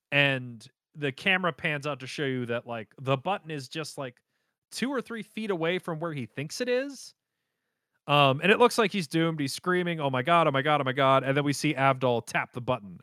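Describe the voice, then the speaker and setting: A man recaps a show in casual, rambling chat, full of fillers and asides. His voice sits a bit high and bright, and the recording is dry and close. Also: moderate pace, dry recording. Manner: rambling, animated storytelling with fillers.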